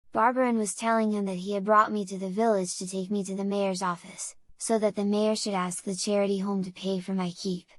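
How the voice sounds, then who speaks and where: A woman narrating a classic children's novel in a steady, measured reading voice. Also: mid-range voice, dry recording. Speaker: audiobook reader. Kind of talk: storybook narration.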